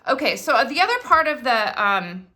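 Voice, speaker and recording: A middle-aged woman chatting casually and excitedly as she unboxes new craft products for viewers. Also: fairly high pitch, normal speed.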